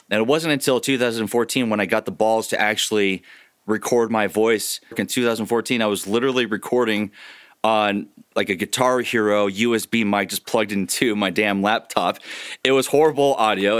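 A man talks loosely on a podcast, dropping casual swears. His voice is bright and smooth. The sound is dry and close to the mic. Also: fairly low pitch, dry recording. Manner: laid-back, swears freely, laughs often. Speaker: podcast co-host and voice actor.

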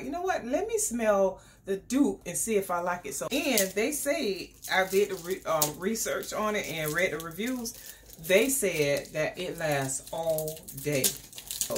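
Chatty, excitable woman unboxing at home. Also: fairly low pitch, background noise. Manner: chatty and excitable, talks straight to viewers. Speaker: beauty vlogger. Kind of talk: casual unboxing vlog. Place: home indoors.

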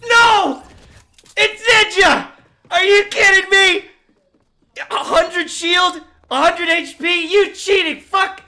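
A gaming streamer shouting and swearing in a furious live-stream rant. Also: very high voice, takes it slowly.

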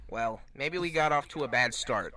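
A man's voice: mid-range voice, animated, normal speed, pushed and bright. A man reading Sonic's lines in a casual, playful group reading of a fan story. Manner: playful, swears and laughs. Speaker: fan dub reader voicing Sonic.

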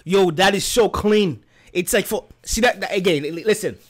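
A young man with a fairly high voice chats casually as he co-hosts a reaction video. He rambles and restarts often, his enthusiasm spilling out through a stream of fillers. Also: normal speed.

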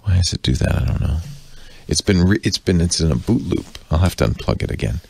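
A man giving casual tech commentary, chatty and jokey, doing quick silly voices for gadgets. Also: low voice, animated, creaky, a little mellow.

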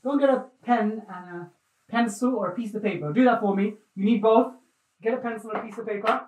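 A man teaching a live online maths lesson for children, energetic and playful, often repeating himself. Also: sits high, brisk, a little hiss or hum.

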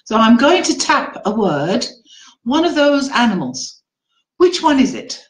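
A woman teacher trainer presenting an online webinar in an animated, encouraging classroom-teacher manner. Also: a little high, measured pace, rough recording.

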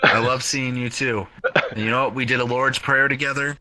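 An American man jokes loudly in casual online voice chat, often slipping into mock preacher bits. His voice is very bright and middle-pitched. Faint noise sits behind him. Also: fairly even intonation, fairly quick. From United States. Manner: loud, playful, exaggerated preacher bits.

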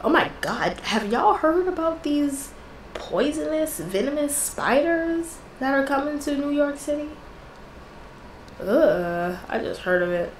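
A woman's voice: sits high, very animated, unhurried, echoey room, a little hiss or hum, poor audio. A woman hosting a gaming channel, chatting casually and exclaiming in frustration as she plays. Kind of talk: casual gameplay commentary.

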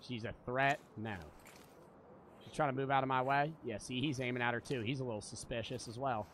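Bright-voiced, profane young gaming streamer. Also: male voice, mid-range voice, fairly even intonation, brisk, slight background noise. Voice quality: profane, joking, chatty. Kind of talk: live gameplay commentary.

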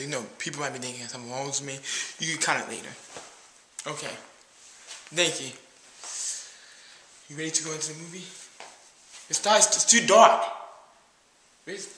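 A man's voice: fairly high pitch, bright, forceful tone, roomy sound, a little hiss or hum. A man playing a cheap, nervous date who brags about himself and keeps calling himself "your boy", in a comedy skit.

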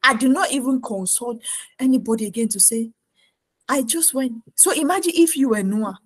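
A woman preacher delivering a lively sermon, mimicking her congregants and laughing often. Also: on the high side, moderate pace, no room sound, poor audio.

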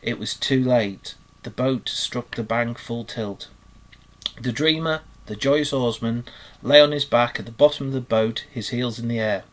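Man, teacher, reading a children's story aloud, expressive, measured, mid pitch. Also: low-quality recording. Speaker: primary school teacher.

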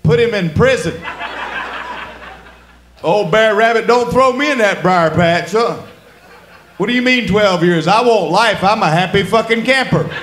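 A man's voice: high-pitched, unhurried, pauses often, fairly bright tone, echoey room, a little hiss or hum. Crude drawling stand-up man. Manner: crude, drawling storyteller acting out voices. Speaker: stand-up comedian. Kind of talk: stand-up comedy set. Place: comedy club stage before a laughing audience.

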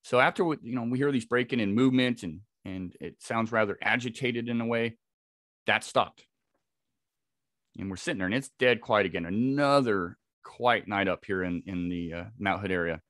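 A man's voice: fairly low pitch, a bit bright, no room sound, studio quality. A man, a podcast guest, telling a vivid first-person encounter story with frequent restarts. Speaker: podcast guest, Bigfoot researcher.

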